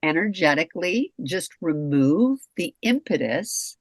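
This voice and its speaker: A woman's voice: on the low side, very animated, a little slow, no echo. A middle-aged woman co-hosting a candid conversation, frank, emphatic and freely profane. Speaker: co-host.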